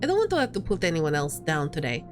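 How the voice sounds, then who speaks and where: A woman voicing a tough, short-tempered female ship captain in a put-on Russian accent, reading game dialogue in a gruff, blunt manner. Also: low-pitched, wildly swooping pitch, fast talker, soft background music.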